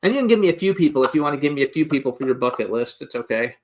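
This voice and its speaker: A man's voice: a little high, animated, rapid-fire, a little hiss or hum. A man hosting a radio interview, asking rambling questions in casual chat. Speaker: radio show host.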